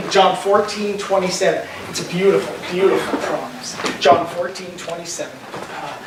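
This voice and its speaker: A male pastor delivers a sermon with emphatic urging, rising to loud pleas and dropping to quiet reassurance. His voice carries from a distance through a reverberant church, with a faint hiss underneath. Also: sits high, normal speed. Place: church sanctuary. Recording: echoey church from far off.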